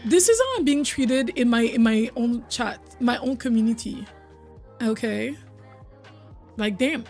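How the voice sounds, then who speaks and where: With soft music behind her, a young woman recovering from a cold streams a game in a slightly high, slightly mellow voice. She's animated but talks a little slowly, chatting casually, answering chat, and humming or singing bits.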